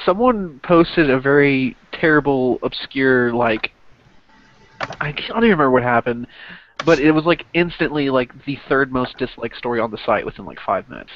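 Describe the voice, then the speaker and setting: A man's voice: mid-range voice, animated, moderate pace, highs cut off, slight background noise. A young American man telling rambling, laid-back stories in a casual group voice chat. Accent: American English.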